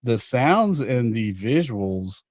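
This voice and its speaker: A man's voice: medium pitch, big pitch swings, takes it slowly, a little mellow, no echo, studio quality. A man as a guest on a gaming podcast, talking casually and rambling through his stories. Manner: rambling, restarts mid-sentence. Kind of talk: casual chat.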